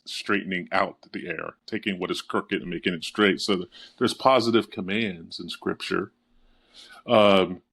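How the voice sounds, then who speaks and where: Thoughtful low-voiced male guest. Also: a bit bright. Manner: thoughtful, affirming, quick to agree. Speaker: podcast guest. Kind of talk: conversational theology discussion.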